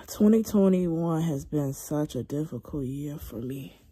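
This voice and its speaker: A young woman talks into her phone from bed at home, worn out and venting. Her voice sits a little low and she takes her time, with long, tired pauses. She sounds slightly congested. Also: fairly even intonation, slightly rough. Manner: weary, venting, soft and drawn out. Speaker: vlogger. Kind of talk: casual confessional vlog.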